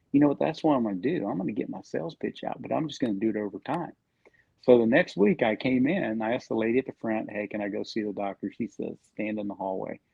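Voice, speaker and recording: A man's voice: medium pitch, gravelly, darkish tone, breathy edge, no echo, dull audio. A man on a podcast casually telling a sales story and acting out the quoted lines.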